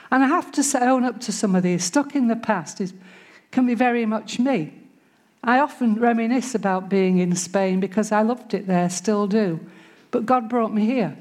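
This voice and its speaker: A woman's voice: medium pitch, a little mellow. Woman preaching a conversational sermon. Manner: conversational, playfully acts out grumbling voices.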